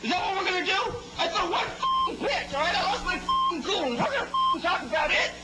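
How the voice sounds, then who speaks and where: A pitcher in a furious, profane rant, shouting so hard that his voice cracks. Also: huge pitch swings, brisk. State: voice cracking from yelling. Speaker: pro baseball pitcher. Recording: loud noisy archive news clip.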